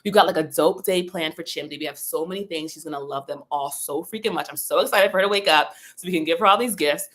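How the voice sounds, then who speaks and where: A woman voicing an excited, doting team of angels in eager, gushing talk. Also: sits low, quick pace, few pauses.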